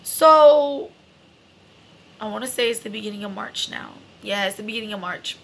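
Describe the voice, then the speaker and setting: Her mid-range voice carries some vocal fry at a normal pace, with slight noise in the background. The young adult woman recounts a personal experience in an emotional, frank way, cursing freely and packing her speech with fillers such as "like" and "you know."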